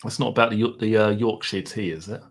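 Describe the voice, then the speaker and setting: A man's voice: fairly low pitch, fairly even intonation, quick pace, gravelly. A middle-aged man with an Essex accent, chatting casually on a livestream, reading out viewers' comments and musing aloud in a self-deprecating way. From Essex, England. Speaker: livestream host. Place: home.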